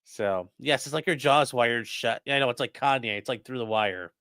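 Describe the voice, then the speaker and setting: A male host giving livestream commentary in an animated, sarcastic way, reacting to clips and reading chat aloud. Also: mid-range voice, normal speed, clear, resonant tone, no room sound, studio quality.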